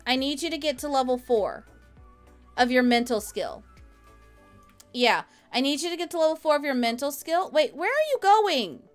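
High-voiced woman streaming a game. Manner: chatty and rambling, answering viewers' messages. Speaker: live streamer. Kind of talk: casual chat while playing a game. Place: at home.

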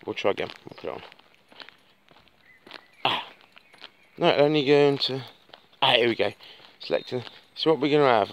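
A man rambling chattily into his phone while walking home on a dark road at night, swearing freely as he talks. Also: mid-range voice, animated, moderate pace, gravelly, pauses often. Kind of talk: casual vlog monologue. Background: birds tweeting, faint outdoor noise.

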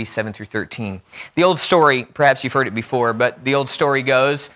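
A man's voice: on the high side, sharp tone, clear, resonant tone. Folksy, emphatic male preacher. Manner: folksy, self-deprecating humor between earnest points. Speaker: pastor. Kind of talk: sermon with opening prayer. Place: church sanctuary.

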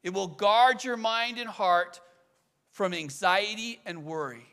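Guy preaching, high bright voice, talks to you like a friend, slows way down on the big lines. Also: smooth. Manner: earnest and conversational, with rhetorical questions and voiced examples; slows and leans on key phrases. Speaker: pastor. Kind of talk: sermon.

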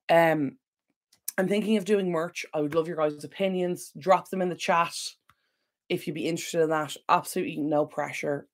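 A woman hosting a casual home livestream Q&A, rambling and apologetic, easily sidetracked while recovering from illness. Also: low-pitched. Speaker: decluttering channel host. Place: home room at a computer. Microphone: desk microphone.

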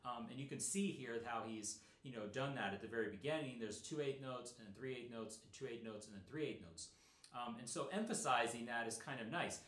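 A middle-aged man teaching snare drum in a relaxed, explanatory way, with many fillers. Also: medium pitch, a little fast, reverberant. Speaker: percussion teacher. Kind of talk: instructional talk.

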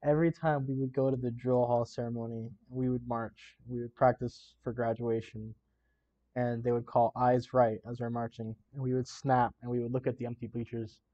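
A man's voice: mid-range voice, level tone, normal speed. Brief: male vlogger, casual reaction talk, emotional, mid voice, dull recording. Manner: chatty, emotional, many "like" fillers. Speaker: YouTuber reacting to a Navy boot camp video.

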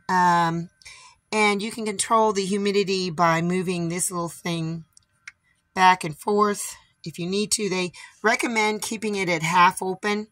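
This is a middle-aged woman vlogging from her homestead, her voice a little hoarse. She chats casually, meandering with plenty of ums. Her tone is bright and forward. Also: medium pitch. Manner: chatty, rambling with many fillers. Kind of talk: casual chat.

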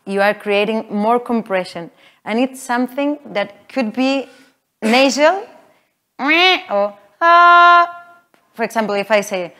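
In a workshop room before a live audience, a woman teaches a voice workshop, explaining haltingly with many fillers and frequent laughs, and breaking into sung demonstrations. Her voice is on the high side, animated, and sharp in tone.

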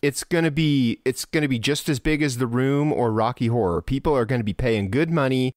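A man's voice: medium pitch, brisk, dry recording, studio quality. A man co-hosting a podcast in casual chat, playful and teasing, laughing often. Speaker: podcast co-host.

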